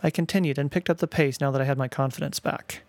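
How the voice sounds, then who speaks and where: A middle-aged man reading his own family stories aloud in a wry, gently playful way, recorded close to the mic. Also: mid-range voice, steady tone, quick pace, dry recording. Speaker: storyteller, father.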